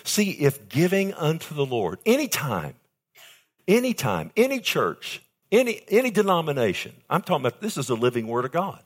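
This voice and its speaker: Animated older male preacher. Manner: emphatic preaching with sudden high pitch jumps and slowed key phrases; calls out to congregation with "amen" and "loved one". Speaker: pastor. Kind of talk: sermon.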